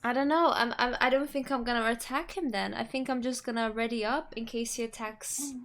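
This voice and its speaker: A woman's voice: fairly high pitch, brisk, a bit bright. A woman playing in a tabletop game over a video call, talking hesitantly and often restarting her sentences. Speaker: player. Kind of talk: casual tabletop game chat.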